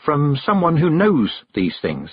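Man voicing a bright, eager young girl witch, high and lively, husky, dull lo-fi sound. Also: slow pace, dry recording, heavily acted. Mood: earnest.

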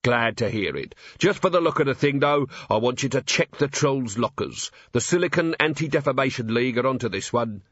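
Unflappable male watch commander, brisk and dry, voiced by a male reader; dull, dry sound. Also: medium pitch, animated, a bit bright, no room sound.

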